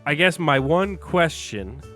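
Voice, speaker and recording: A man's voice: on the high side, lively intonation, takes it slowly, a bit bright, soft background music. Laid-back man co-hosting a sports chat. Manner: jokey, laughs often, self-deprecating. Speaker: podcast co-host.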